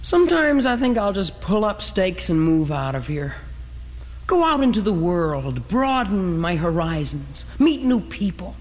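A woman's voice: fairly low pitch, a little mellow, long reverb tail, heavily acted. Woman playing a theatrical, cat-hating pet dog. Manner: theatrical, brooding monologue. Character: dreamy, dramatic pet dog who hates cats. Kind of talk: stage musical acting.

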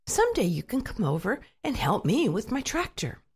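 A woman voicing a kindly older male farmer who gives slow, fatherly instructions. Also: fairly high pitch, sing-song, breathy edge, exaggerated voice.

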